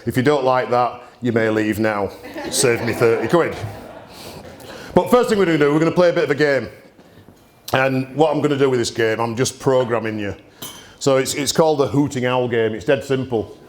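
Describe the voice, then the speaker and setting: At a live gin tasting, the distillery's male host speaks to the audience in a blunt, cheeky manner. He has a medium-pitched voice at a moderate pace, with slight background noise alongside the crowd's murmuring and laughter.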